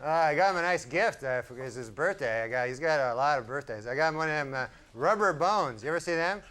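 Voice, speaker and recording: A male stand-up comedian with an offhand, rambling, deadpan delivery, performing before a live audience. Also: on the high side, quick pace. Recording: loud audience laughter and room noise.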